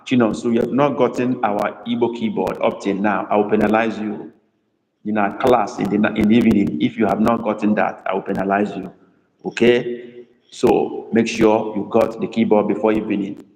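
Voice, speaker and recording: With a Nigerian accent, an Igbo language tutor teaches a live online lesson, chatty and teasing as he calls on students by name. His voice is on the low side and darkish, level in tone at a moderate pace. The audio is poor and reverberant with a long reverb tail.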